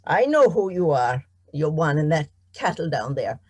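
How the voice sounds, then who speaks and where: A woman's voice: deep voice, sing-song, normal speed, a little mellow, breathy edge, dry recording, full character voice. A woman voicing a sly, tricky little male leprechaun with a lilting, wheedling manner. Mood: teasing.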